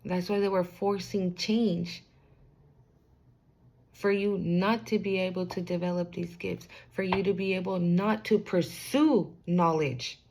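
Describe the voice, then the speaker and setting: A young woman with a lowish voice and a gravelly, fry-heavy edge talks straight to the viewer through a spiritual card reading. She keeps it loose and slangy and swears freely. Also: steady tone, measured pace, darkish tone. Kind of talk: casual spiritual reading to camera.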